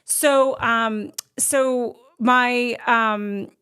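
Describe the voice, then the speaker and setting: A middle-aged woman telling a true story in casual chat, animated and acting out her own past lines. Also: on the high side, extremely slow, smooth. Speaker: guest storyteller.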